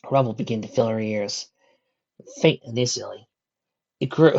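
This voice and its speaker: Female narrator, low and expressive, fan audiobook; dull lo-fi recording. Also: moderate pace, creaky, pauses often. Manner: steady descriptive narration with occasional slips. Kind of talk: fan fiction audiobook reading.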